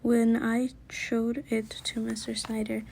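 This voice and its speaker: A woman reading a children's book aloud in a soft, often whispered narration. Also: fairly high pitch, monotone, takes it slowly, creaky, a little hiss or hum. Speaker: story reader.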